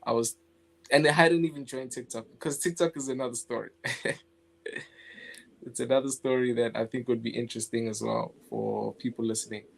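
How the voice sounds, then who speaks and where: A young South African man, guest animator in a casual interview, speaks in a creaky, mid-range voice at moderate pace. Laid-back in manner, he laughs a lot and restarts his phrases.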